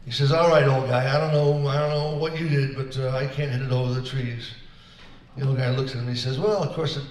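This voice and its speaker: Heard from far away in a reverberant room, a man of medium pitch tells a quick series of jokes between songs for senior center concertgoers. His intonation stays fairly even, though he keeps things casual and voices his characters.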